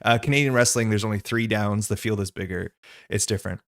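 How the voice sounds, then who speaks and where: A man's voice: on the low side, fast talker. A man co-hosting a card game livestream, joking and chatting casually as he reads out viewer messages. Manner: joking, chatty, reading out chat. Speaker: livestream co-host. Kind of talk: casual gaming stream banter. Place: live card game stream, home setup.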